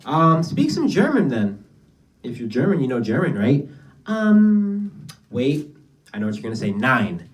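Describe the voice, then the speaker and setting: A man's voice: mid-range voice, huge pitch swings, a little slow, recorded from a distance. A young man doing his first stand-up set, telling rambling, profane stories in a casual way. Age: young adult. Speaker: stand-up comedian. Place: small basement venue.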